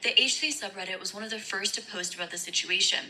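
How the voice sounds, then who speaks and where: A woman reads a scripted video essay in a measured, steady way. Her voice is very bright and clear-edged. A faint noise sits underneath the recording. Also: mid-range voice, low-quality recording. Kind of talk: scripted narration.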